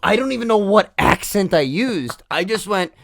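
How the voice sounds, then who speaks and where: Profane, animated man telling a story. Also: sits high, moderate pace, gravelly. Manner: profane, animated, acts out quotes. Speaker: podcast co-host. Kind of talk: casual storytelling chat.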